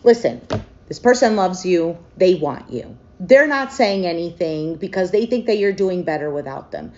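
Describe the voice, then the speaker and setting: A woman doing a casual tarot reading to camera. She is emotional and thinks out loud, with frequent hesitations. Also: fairly low pitch, expressive, normal speed, lo-fi sound. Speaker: tarot reader.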